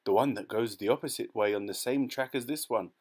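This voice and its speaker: A man voicing a brisk, eccentric chocolate maker with a matter-of-fact manner in a storybook reading. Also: medium pitch, darkish tone, natural voice.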